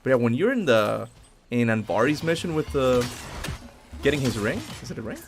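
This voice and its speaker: Young male game streamer, casual and rambling, gravelly voice with a bouncy, expressive pitch, faint hiss behind. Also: normal speed. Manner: rambling, self-correcting, laughs often. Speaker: gaming streamer. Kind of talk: casual live commentary over gameplay.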